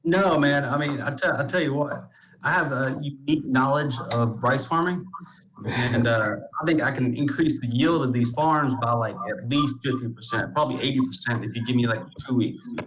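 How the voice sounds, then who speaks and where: A man playing a tabletop game who answers in halting, filler-heavy bursts. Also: medium pitch, a bit bright, poor audio. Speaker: player. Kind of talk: casual tabletop play.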